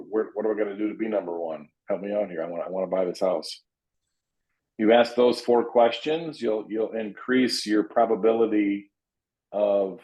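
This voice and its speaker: A man coaching real estate agents in an earnest, emphatic way, restarting his sentences often and acting out lines of client dialogue. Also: warm tone. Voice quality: low voice, frequent repeated restarts. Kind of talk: coaching talk. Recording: dull lo-fi audio.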